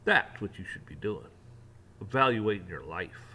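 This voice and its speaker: A man delivering a heated opinion rant, mocking officials in sarcastic put-on voices and building up to near shouting. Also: lowish voice, expressive, normal speed, breathy edge. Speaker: rant channel host.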